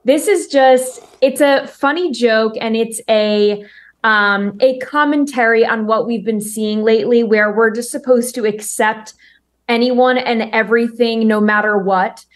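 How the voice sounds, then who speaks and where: A woman with a fairly high voice co-hosting a talk show. She talks in an upbeat, friendly, casual way. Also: a little slow. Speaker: co-host. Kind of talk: casual chat.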